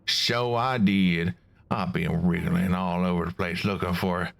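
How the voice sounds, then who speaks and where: A man's voice: deep voice, smooth. A man voicing a folksy worm creature, the last of its tribe, in a put-on American Southern accent with homespun grammar. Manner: polite, drawling, homespun grammar.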